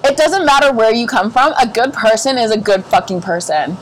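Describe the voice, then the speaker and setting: A young woman in her twenties rants on a casual podcast, fired up and swearing at every turn. Her voice sits a little high. Faint noise hums underneath. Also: lively intonation, fairly quick. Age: 20s. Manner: profane, heated, ranting. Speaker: podcast co-host.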